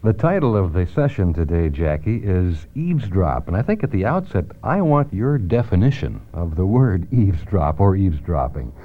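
A man hosting an educational radio program and questioning a guest in a measured way. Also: deep voice, sing-song. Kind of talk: radio interview. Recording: tinny phone-like old radio recording.

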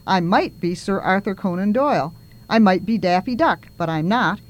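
A brash, bizarre party crasher, spoken dry and matter-of-fact, as a reader puts him on. The voice sits at a middling pitch. It comes across as a read-aloud storybook role. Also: lively intonation, moderate pace, lo-fi sound, lightly acted.

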